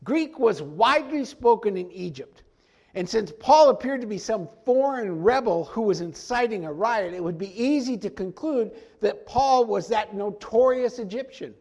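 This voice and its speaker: A man preaching a conversational verse-by-verse sermon, animated and folksy, often stepping into the story to act out the characters. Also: high-pitched, moderate pace. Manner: animated, acts out quoted lines in the story; folksy, frequent "I mean" asides. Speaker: pastor teaching a Bible study.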